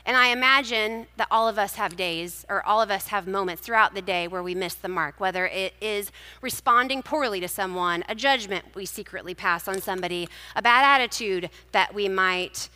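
Woman preacher, bright, crisp voice, conversational storytelling sermon, live hall with a long echo. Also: mid-range voice, moderate pace. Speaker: speaker at a church gathering. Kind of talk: personal devotional sermon.

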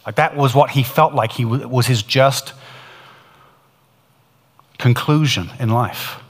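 Earnest male preacher, mid-pitched, storytelling sermon; long reverb of a hall. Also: slow pace. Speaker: preacher retelling a testimony.

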